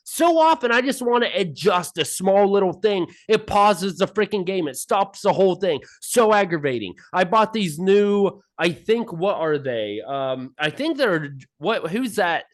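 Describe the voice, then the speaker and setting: A man's voice: sits high, a little slow. A man co-hosting a casual podcast over a call, ranting in mock anger and airing grievances. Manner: ranting, mock-angry, animated. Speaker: podcast co-host. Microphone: remote call mic.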